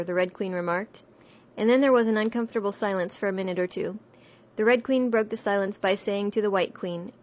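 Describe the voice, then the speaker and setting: A woman's voice: medium pitch, brisk, hardly any pauses, darkish tone, dull audio. Woman reading a storybook aloud. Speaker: audiobook reader. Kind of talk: storybook narration.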